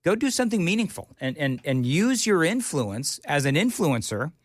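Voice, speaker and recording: A man's voice: fairly high pitch, very animated, normal speed, no room sound. A male talk radio host delivering an indignant, opinionated monologue with mocking asides. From United States. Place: radio studio.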